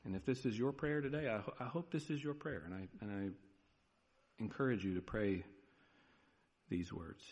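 A man preaching a sermon as pastor, earnest and pleading, moving between loud urging and a soft hush. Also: lowish voice, moderate pace, pauses often, big-room sound.

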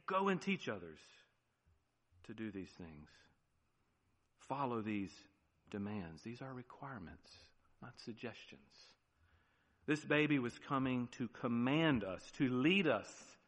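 An American pastor preaches a sermon that swings emphatically between loud declarations and hushed, low phrases, often asking the congregation "right?" The church sanctuary adds a long reverb.

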